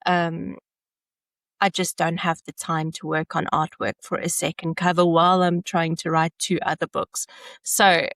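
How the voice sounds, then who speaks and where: A woman, an author guest on a podcast, explaining her work in a relaxed, casual chat. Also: deep voice, a little slow, no room sound, clean studio sound.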